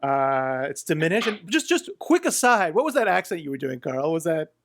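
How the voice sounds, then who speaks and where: Man, podcast co-host, joking, teasing, higher voice. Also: very animated, normal speed, fairly bright tone, a little hiss or hum. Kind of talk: casual chat.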